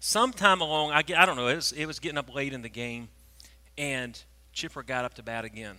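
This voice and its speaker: A preacher, telling a story in a sermon and swinging from hushed tones to loud, animated moments. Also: male voice, mid-range voice, brisk. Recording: long reverb of a large hall.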